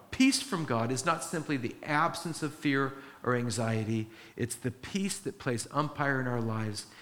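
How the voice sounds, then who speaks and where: A man preaching a sermon, retelling a story with acted-out quotes and earnest, emphatic teaching. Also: a little high. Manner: animated storytelling, acting out quoted voices. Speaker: pastor.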